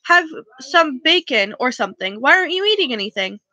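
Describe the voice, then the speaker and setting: A woman's voice: high-pitched, big pitch swings, a little fast, pushed and bright, muffled recording, full character voice. A woman reading as an eager, boastful boy. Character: eager freckled boy, eleven, excitable and boastful. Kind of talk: amateur audiobook reading.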